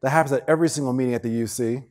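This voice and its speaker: A man giving a motivational workshop talk with energetic, playful storytelling. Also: medium pitch, racing. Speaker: workshop speaker.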